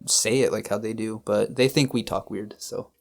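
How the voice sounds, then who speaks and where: A man with a Canadian accent, co-hosting a podcast and explaining words in a relaxed, casual chat. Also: lowish voice, gravelly. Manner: easygoing, explains slowly and models words. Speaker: podcast co-host, English teacher. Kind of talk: casual conversational lesson.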